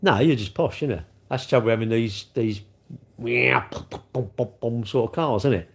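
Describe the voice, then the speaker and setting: Casting note: middle-aged bloke, casual livestream host, rambling and chatty. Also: male voice, mid-range voice, normal speed, creaky, slightly rough. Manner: rambling, chatty, reads out viewer comments.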